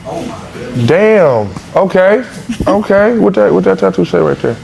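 A man's voice: sits high, big pitch swings, moderate pace, vocal fry, a little hiss or hum. A man hosting a street dating show, laid-back and flirty as he banters with contestants outdoors. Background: loud crowd.

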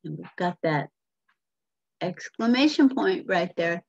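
A woman's voice: lowish voice, expressive, slow, creaky, darkish tone, slightly rough. A woman teacher reading a picture book aloud to children, patiently explaining and asking questions, on a muffled lo-fi recording.

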